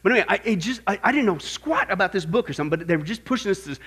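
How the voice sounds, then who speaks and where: A middle-aged man teaching a church class on apologetics, animated and often asking the audience questions. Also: high-pitched, rapid-fire, few pauses, husky. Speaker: Bible teacher.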